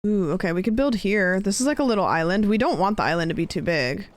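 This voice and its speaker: A woman's voice: mid-range voice, animated, fast, dry recording. A young woman streaming a game, chatting with viewers in a rambling, casual way. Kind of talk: casual gameplay chat.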